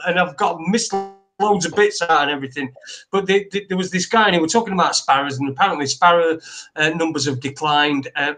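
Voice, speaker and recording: Rambling man, slightly high voice. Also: fairly bright tone. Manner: rambling, hesitant, reads articles aloud. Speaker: podcast co-host. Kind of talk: casual news chat.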